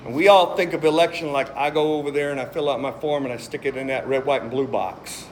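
A man's voice: mid-range voice, fast talker, slight background noise. A man preaching a sermon, reading scripture aloud with emphasis and cracking jokes between verses. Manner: animated, joking, reads scripture aloud with emphasis.

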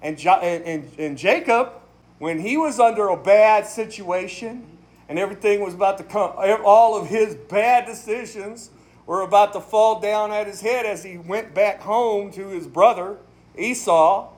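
High-voiced, emphatic man preaching. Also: unhurried, a little mellow. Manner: emphatic, conversational, laughs often. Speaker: pastor. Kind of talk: casual sermon, Bible study.

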